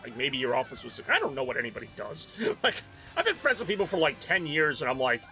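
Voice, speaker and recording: A man's voice: a little high, wildly swooping pitch, fast, pushed and bright, soft background music. A young man streaming a racing game, chatting casually and rambling between laps. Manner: rambling, chatty, reads chat aloud. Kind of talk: casual rambling chat while gaming.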